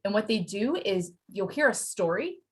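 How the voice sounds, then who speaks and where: A woman from Pennsylvania, a Spanish teacher, chatting as a podcast guest and telling lively stories with quoted voices. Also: medium pitch, normal speed, slightly rough. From Pennsylvania, USA. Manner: animated storytelling with acted quotes and laughter. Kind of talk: casual interview chat.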